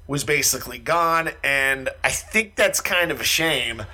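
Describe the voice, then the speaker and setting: Lively bright-voiced man chatting about music. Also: mid-range voice, unhurried. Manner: animated, chatty, lots of fillers. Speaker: podcast co-host. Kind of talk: casual music podcast chat.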